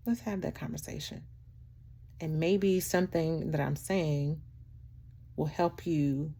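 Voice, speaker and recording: A woman vlogger speaks to camera in a heartfelt, animated, preachy motivational talk, laughing often and calling the listener "child" and "baby." Her voice sits low and gravelly, at a measured pace.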